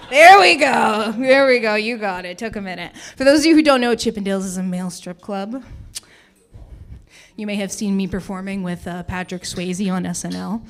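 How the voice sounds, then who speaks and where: A woman's voice: medium pitch, normal speed. A young woman performs stand-up at an open mic in a chatty, self-mocking way, often laughing at her own jokes. Her voice sits in an ordinary middle register, and her delivery is loose and conversational. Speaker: stand-up comedian.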